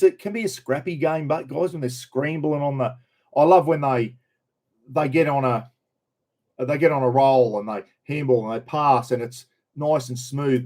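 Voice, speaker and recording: A middle-aged Queensland man with a broad Australian accent hosts a laid-back livestream chat, rambling from one thought to another and greeting viewers by name. His voice sits at an ordinary middle pitch and sounds a little mellow.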